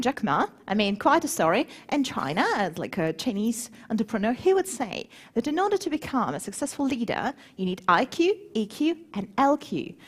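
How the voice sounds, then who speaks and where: Woman, conference talk, animated, somewhat high voice, husky, quizzes the audience. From grew up between Moscow and Warsaw. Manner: lively, engaging, asks the audience questions. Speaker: conference speaker.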